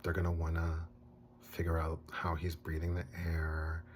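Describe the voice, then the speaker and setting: Deep-voiced male reviewer, animated and casual, recapping a film with faint background hum. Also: normal speed. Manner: animated retelling, acting out characters' lines.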